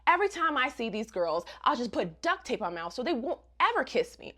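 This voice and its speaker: A woman's voice: high voice, sing-song, a little fast, sharp tone, heavily acted. A woman quoting a goofy, flustered teen boy. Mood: pleased. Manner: flustered, rambling.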